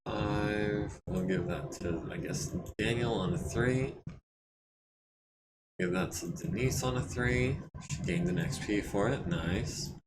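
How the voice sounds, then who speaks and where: A man casually talking through repairs while streaming a strategy game, his throat a bit scratchy and often cleared. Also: on the low side, slow. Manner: relaxed, thinking aloud while managing repairs. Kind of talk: casual let's-play commentary.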